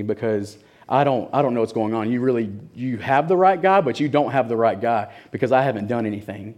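A young man in his twenties preaching from a pulpit, telling a personal story with laughs and lively quoted voices. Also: mid-range voice, quick pace. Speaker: church speaker giving testimony. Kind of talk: sermon storytelling.

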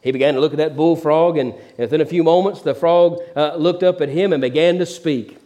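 A middle-aged male pastor preaching a sermon, telling stories in a folksy, animated preachy manner and repeating words as he builds. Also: a little high, fairly quick. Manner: preachy storytelling, repeats words when excited.

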